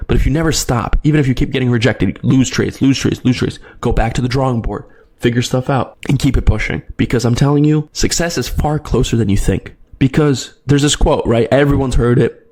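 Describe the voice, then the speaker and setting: Fast-talking man giving a pep talk. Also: medium pitch, darkish tone. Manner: urgent, repetitive direct address, frequent tag questions. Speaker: trading video host. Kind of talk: motivational monologue to camera.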